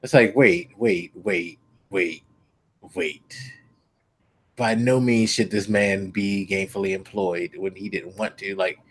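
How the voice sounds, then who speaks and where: A man's voice: low voice, steady tone, takes it slowly, slightly rough. A man hosting a podcast, chatting casually with teasing, laid-back banter. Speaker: podcast host. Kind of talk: casual chat.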